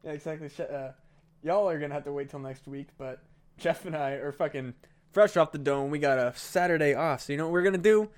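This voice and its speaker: A man's voice: a little high, brisk, smooth. A man co-hosting a comedy podcast, talking in a laid-back, sweary way. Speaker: podcast co-host. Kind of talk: casual chat.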